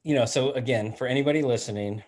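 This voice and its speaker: A man's voice: medium pitch, fast talker, darkish tone. A man co-hosting a podcast, speaking emphatically to the listeners. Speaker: podcast co-host. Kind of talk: interview commentary.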